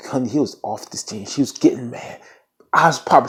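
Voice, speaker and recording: A man casually recapping a TV episode in an animated, slangy way, full of playful asides. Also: mid-range voice, brisk. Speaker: TV recap vlogger.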